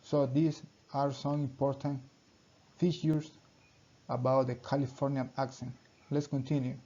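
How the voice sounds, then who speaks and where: A young man giving a class presentation, reading in short halting phrases with small grammar slips. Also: mid-range voice, level tone, warm tone. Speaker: student presenter. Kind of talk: class presentation read aloud. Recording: dull lo-fi recording.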